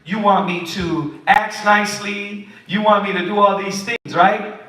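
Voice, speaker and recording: A man preaches in a high, bright voice, animated and pointed, acting out little quotes. The mic sits some way off, so he is heard from a distance in a very echoey room. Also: a little slow. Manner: animated, preachy, acts out quotes of kids and parents. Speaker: Bible study teacher. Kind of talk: sermon-style teaching.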